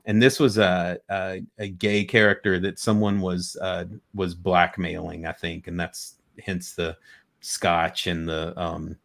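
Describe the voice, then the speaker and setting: A man's voice: deep voice, flat delivery, unhurried, vocal fry, a bit bright. A man chatting casually as a guest over a video call, rambling enthusiastically with many restarts. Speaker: guest collector. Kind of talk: casual chat.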